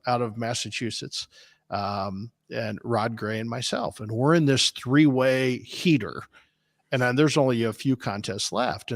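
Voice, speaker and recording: A man in mid-pitch spins a long, animated tale, stopping and restarting as he goes. His voice comes across dry and close. He is a barbecue competition cook from Des Moines chatting on a podcast. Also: dry recording. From Des Moines, Iowa, US. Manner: rambling, animated anecdotes with restarts. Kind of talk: casual storytelling on a podcast.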